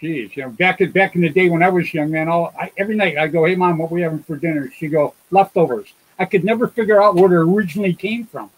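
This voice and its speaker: A man in easygoing group conversation, needling and teasing the others with jokes. His voice is husky and a little high. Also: fast talker, few pauses, low-quality recording. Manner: teasing joker. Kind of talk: casual chat.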